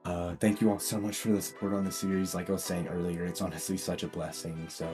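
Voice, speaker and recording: A man's voice: deep voice, flat delivery, quick pace, music in the background. A man casually retelling a fan story as a video creator, rambling and often saying "like". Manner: rambling, lots of "like" and restarts. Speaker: YouTube storyteller.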